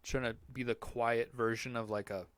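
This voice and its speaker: A man's voice: medium pitch, level tone, normal speed, a bit bright, dry recording. A man hosting a casual live Q&A podcast, answering chat in a rambling, profane, joking way.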